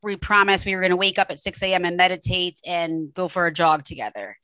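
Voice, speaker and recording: A woman's voice: lowish voice, fast, dry recording. A woman hosting an interview show, telling stories and encouraging her guest with energy. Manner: warm, encouraging, storytelling, energetic. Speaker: podcast host. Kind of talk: conversational interview.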